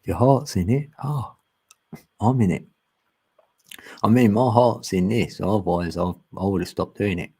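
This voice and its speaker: A man's voice: on the low side, moderate pace, pauses often, mellow, slightly rough. A man talking casually and ramblingly as a channel host, often laughing. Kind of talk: casual spiritual chat. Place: long live stream.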